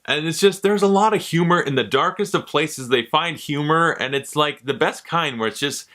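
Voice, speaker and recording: A man's voice: on the high side, normal speed, sharp tone. A young man giving a casual, chatty movie review, with sarcastic asides and offhand swearing.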